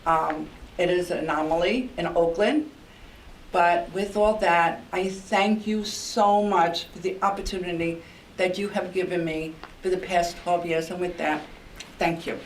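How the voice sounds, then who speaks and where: A woman's voice: lowish voice, fairly even intonation, measured pace, a little hiss or hum. An older woman from New York with a New York accent, an outgoing mayor giving a heartfelt farewell speech at a council meeting, repeating herself with many ums. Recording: echoey room, mic at a distance.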